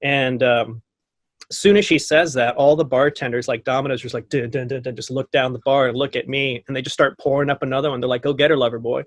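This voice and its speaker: A man in his thirties telling a story as a podcast guest, lively and acting out what people said, laughing often. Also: medium pitch, fast, no echo. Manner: animated, acts out quotes, laughs often. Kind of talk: casual storytelling.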